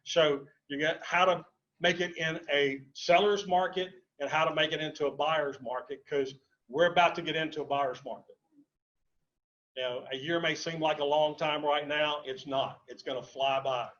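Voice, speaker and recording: A man's voice: on the high side, steady tone, moderate pace, fairly bright tone, dull audio. A man teaching real estate investing at a live seminar, telling stories and hammering home his points by repeating them. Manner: storytelling, emphatic, repeats key points. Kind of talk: live seminar talk to a room and online audience. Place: seminar room with live audience.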